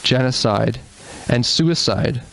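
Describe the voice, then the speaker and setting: A man's voice: mid-range voice, slow, gravelly, a bit bright, poor audio. A man giving an earnest presentation in a church, explaining with asides and restarts. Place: church hall.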